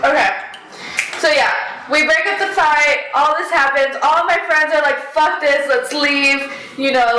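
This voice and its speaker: A young woman casually telling a story on a podcast, animated, swearing often and laughing. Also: high-pitched, echoey room, rough recording. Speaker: podcast co-host.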